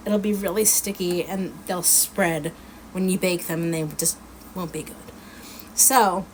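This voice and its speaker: A middle-aged woman, chatting folksily and laughing as she demonstrates a recipe in her home kitchen. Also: medium pitch. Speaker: cooking vlog host. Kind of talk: casual cooking demonstration. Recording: loud background noise.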